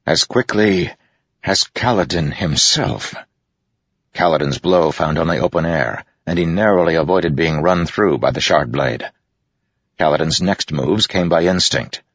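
Very deep gravelly male narrator. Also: a bit bright, dry recording, highs cut off. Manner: measured, dramatic reading. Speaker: audiobook narrator. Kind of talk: scripted narration.

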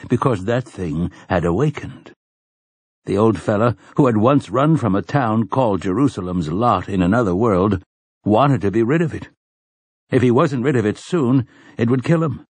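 A man narrating an audiobook in a deliberate storytelling manner. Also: on the low side, a little mellow, slightly rough, dry recording. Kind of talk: scripted narration.

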